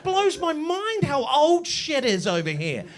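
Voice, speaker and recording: High-voiced New Zealand comic, very animated. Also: male voice, measured pace, a faint crowd. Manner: animated, crude, swings into loud shouted punchlines. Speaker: stand-up comedian. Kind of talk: live stand-up set. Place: live show in a village pub.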